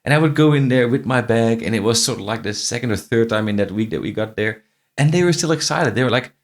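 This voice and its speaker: A fast talker with a mid-range voice and lively intonation, a middle-aged franchise CEO tells stories as a podcast guest during a casual interview. English isn't his native language; his accent is faintly Irish-tinged, and he keeps restarting and repeating phrases.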